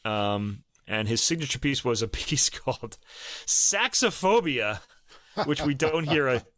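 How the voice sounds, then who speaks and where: A man co-hosting a music podcast, chatting casually and thinking aloud with many pauses and ums. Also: medium pitch, a bit bright. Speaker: podcast co-host. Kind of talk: casual chat about recordings.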